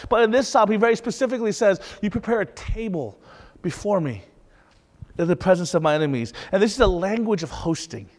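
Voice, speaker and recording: A man's voice: high voice, in a large hall. A young man preaching a sermon in a conversational way, with rhetorical questions and light laughs. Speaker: pastor.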